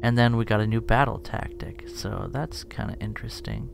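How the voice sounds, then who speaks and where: A man's voice: lowish voice, moderate pace, gravelly. A man giving casual, joking, self-deprecating commentary as he plays a strategy game and thinks aloud. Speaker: let's play streamer. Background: game music.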